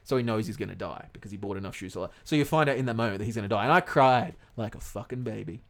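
A man in his thirties co-hosting a podcast, chatting casually and telling animated stories, swearing freely. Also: on the low side, racing. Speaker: podcast co-host. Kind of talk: casual chat.

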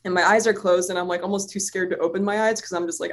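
A woman telling a personal story in casual chat, animated and swearing freely, with lots of "like" fillers. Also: fairly low pitch, fast talker.

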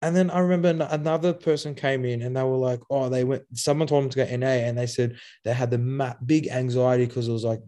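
An animated man talking in a casual podcast interview. His voice sits at a middle pitch, and he tells stories quickly, acting out the people he quotes and breaking into laughs and curses. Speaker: guest, youth program founder.

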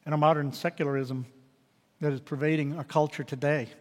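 High-voiced preaching man in a big hall. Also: fairly quick. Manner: animated, swings from loud to hushed. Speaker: pastor. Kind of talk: sermon.

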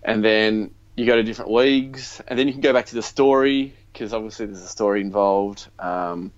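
A man's voice: lowish voice, fairly quick. A man co-hosting a podcast, chatting casually about games in a rambling way with lots of ums and likes. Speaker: podcast co-host. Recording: dull lo-fi sound.

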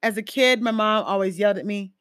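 A woman from a Jamaican family talking casually about her life, full of fillers and lively emphasis. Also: medium pitch, a little fast, no echo, studio quality. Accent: American with Jamaican-family roots. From Caribbean, Jamaican family. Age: adult, a mother. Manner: conversational, lots of fillers, animated emphasis. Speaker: speaker sharing personal stories. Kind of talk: casual personal talk.

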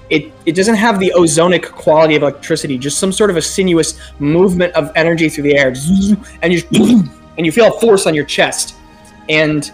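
A man narrating a tabletop game as game master, speaking haltingly with many ums and uhs. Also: a little high.

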